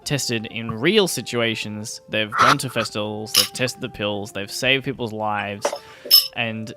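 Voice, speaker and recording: A young man co-hosting a podcast, chatting in an animated way, swearing for emphasis and laughing easily. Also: lowish voice, unhurried, music in the background. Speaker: podcast co-host. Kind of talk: casual chat.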